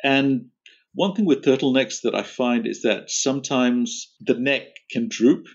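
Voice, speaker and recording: A man's voice: medium pitch, measured pace, breathy edge. Chatty man, dull lo-fi sound. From Australia. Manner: relaxed, chatty, laughs easily. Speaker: podcast guest. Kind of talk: casual interview chat. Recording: dull lo-fi audio.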